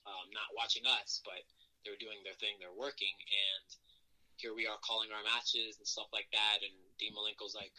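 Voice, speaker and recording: Guy w a bright lowish voice, chatty wrestler telling stories, does the voices. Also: normal speed, poor audio. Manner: animated, acts out quotes in raised voices. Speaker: wrestler guest. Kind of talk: casual storytelling interview.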